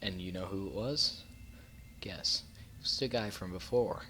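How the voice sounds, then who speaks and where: A man's voice: sits low, unhurried, pushed and bright, slight background noise. A young man casually telling a personal story to his channel, rambling with fillers and correcting himself as he goes. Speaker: YouTuber.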